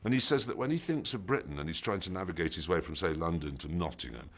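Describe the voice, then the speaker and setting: Male TV presenter, lowish voice with a wide lively swing, chatty anecdotal press-interview read. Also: fast. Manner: animated anecdotes, lively delivery.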